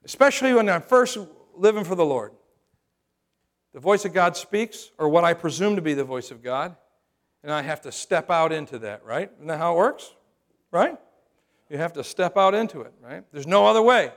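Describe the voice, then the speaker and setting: A man's voice: fairly high pitch, lively intonation, normal speed. A middle-aged man preaching a sermon as pastor, humorous and conversational, often checking in with the crowd by asking "right?".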